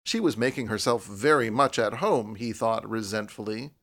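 The narrator here is a man with a fairly low voice, reading scripted audiobook narration in a measured, even storytelling style.

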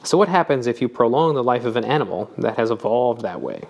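A man reading the part of a wry, thoughtful older man who lectures gently. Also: mid-range voice, expressive, fast, vocal fry.

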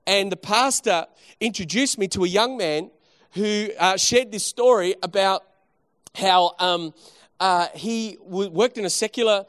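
A man's voice: sits high, fairly bright tone, clear, resonant tone, no echo, studio quality. A man preaching a sermon, telling a story and then urging his listeners on with rising emphasis.

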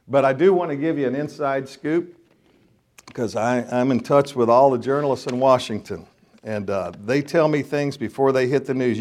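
A man's voice: mid-range voice, darkish tone. A middle-aged man, a minister telling funny stories to a group of men in a folksy, joking way and acting out the scenes. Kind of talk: storytelling sermon.

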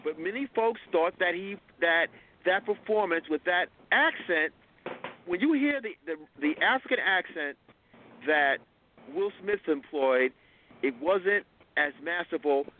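A man's voice: high voice, lively intonation, measured pace. A man hosting a call-in radio talk show, insistent and holding the floor through interruptions. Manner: insistent, talks over interruptions. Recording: phone-like lo-fi line.

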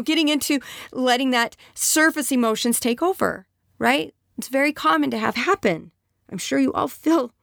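A woman's voice: fairly high pitch, no echo, studio quality. A woman giving relationship advice in a conversational talk, often asking her audience right or okay and acting out what spouses say. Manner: conversational, acts out spouse dialogue in quoted voices; frequent checking questions like right and okay. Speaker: marriage and relationship speaker.

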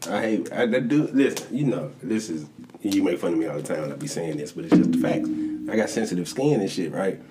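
A man co-hosting a casual sports chat, telling stories animatedly, jumping into high voices to act out quotes and laughing often. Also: brisk, heavy background noise. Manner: animated storytelling, acts out quotes with big pitch jumps, swears a lot. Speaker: podcast co-host.

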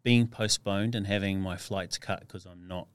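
A man's voice: low voice, fairly even intonation, moderate pace, smooth, dry recording. A young adult man as a podcast guest, rambling as he thinks aloud. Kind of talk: casual interview chat.

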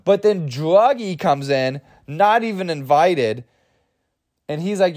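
A man's voice: on the high side, lively intonation, slow pace, a little mellow. Rambling overtired young man. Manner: rambling, lots of fillers, giggly asides. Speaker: podcast host. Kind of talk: rambling comedy monologue.

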